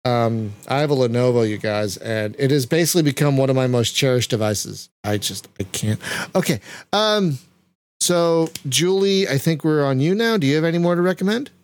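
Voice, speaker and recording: A man's voice: mid-range voice, animated, normal speed, clear, resonant tone. A man hosting a casual podcast chat, gushing with frequent exclamations. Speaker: podcast host.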